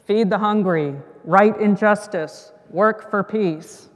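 A woman voicing God in a cartoon she retells, loudly pronouncing commands to a frog. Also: medium pitch, slow pace, big-room sound, lightly acted. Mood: commanding.

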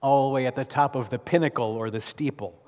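A male pastor preaches in a church and tells the story with plenty of rhetorical questions. His mid-pitched voice carries a long reverb tail through the sanctuary. The delivery is vivid storytelling. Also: brisk, a little mellow. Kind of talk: sermon.

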